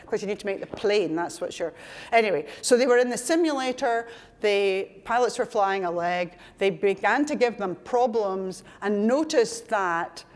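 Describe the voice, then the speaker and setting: An older Scottish woman giving a conference lecture, talking in a chatty, digressive way with asides and self-corrections. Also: mid-range voice. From Scotland. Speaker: conference speaker.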